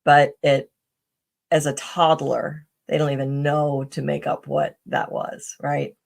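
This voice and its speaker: A woman's voice: sits low, little pitch movement, slow pace, vocal fry, a little mellow. Woman rambling through personal stories on a podcast, lots of ums and restarts. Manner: rambling, with many fillers and restarts. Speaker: podcast guest. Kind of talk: casual conversational storytelling.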